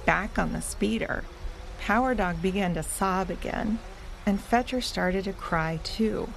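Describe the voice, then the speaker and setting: A woman hosting and narrating a children's story podcast in a gentle, deliberate way. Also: mid-range voice, creaky, slight background noise. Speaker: storyteller host.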